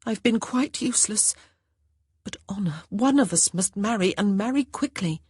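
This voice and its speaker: A woman voicing an anxious young sister who argues urgently, her voice rising high. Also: animated, normal speed, darkish tone, breathy edge, dry recording, clean studio sound. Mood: resigned.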